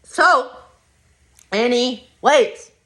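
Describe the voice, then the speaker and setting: A woman's voice: a little high, animated, extremely slow, pushed and bright. A woman hosting a podcast, telling a personal story in a blunt, rambling way full of swearing. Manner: blunt, profane, rambling retelling. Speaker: podcast host.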